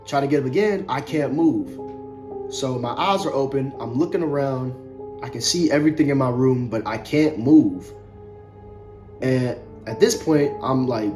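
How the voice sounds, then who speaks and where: A young man tells a personal story straight to his viewers, casual and rambling, stumbling over and repeating his words. His voice sits in a middle pitch. Music plays clearly underneath him. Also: moderate pace. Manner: loose, conversational, many fillers and repeats. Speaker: vlogger.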